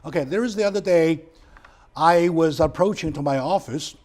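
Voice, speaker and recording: A man hosting a discussion show, telling stories with emotional, excitable bursts and repeating words for emphasis. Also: normal speed. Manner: animated, emotional retelling with sudden loud raised pitch; non-native phrasing, repeats words for emphasis. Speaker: talk show host.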